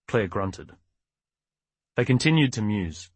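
With no room sound at all, a low, husky male voice delivers scripted audiobook narration. The storytelling stays steady and measured.

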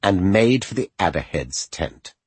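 A man reading an audiobook as its narrator, in expressive, measured storytelling. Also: sits low, breathy edge, dry recording.

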